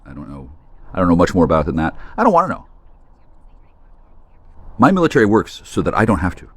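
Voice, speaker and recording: A man's voice: sits low, huge pitch swings, fast, dry recording. A man hosting a solo talk stream, rambling in a crude, sardonic way. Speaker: host.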